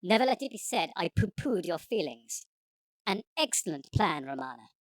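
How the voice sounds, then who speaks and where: Voice actor as a knowing, wordy male alien time traveller; pitch-shifted up, dry booth sound, audiobook. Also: big pitch swings, moderate pace, dry recording, poor audio. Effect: pitch-shifted higher. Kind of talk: audiobook character voice.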